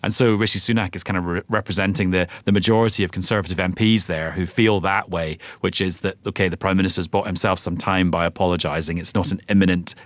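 A man, a political correspondent, chatting live on radio in a brisk, wry way. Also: deep voice, fairly even intonation, dry recording.

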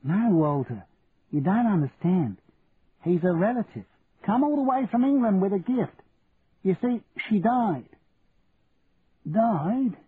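Brief: older countrywoman, meek and gentle, voiced high by a male reader, phone-thin sound. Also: very animated, takes it slowly, pauses often, breathy edge, full character voice. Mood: eager. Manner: raised and soft-spoken. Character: timid older wife, humble and kindly. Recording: tinny lo-fi radio recording, faint hiss.

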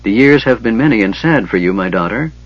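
A man voicing the gentle spirit of a long-dead mother and priestess, speaking softly and solemnly, on a slightly dull recording. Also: fairly low pitch, lively intonation, brisk, no room sound. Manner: soft, solemn.

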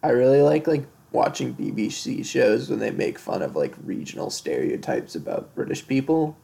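A man's voice: medium pitch, big pitch swings, normal speed, gravelly, mellow. A man co-hosting a casual music podcast, rambling through his thoughts and filling them with "like". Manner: rambling, heavy use of "like". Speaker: podcast co-host. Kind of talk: casual chat about music.

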